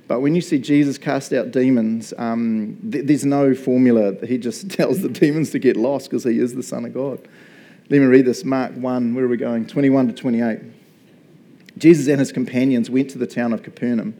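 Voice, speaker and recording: A man's voice: medium pitch, steady tone, moderate pace, warm tone. A male pastor giving a casual, conversational sermon. He laughs often and keeps asking "right?". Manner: chatty, laughs often, asks "right?" a lot.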